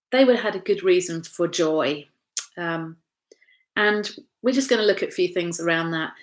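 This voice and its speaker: An English woman, a pastor, leads a casual Bible study from her home. Her voice sits on the low side, and she chats freely, full of tag questions, fillers and restarts.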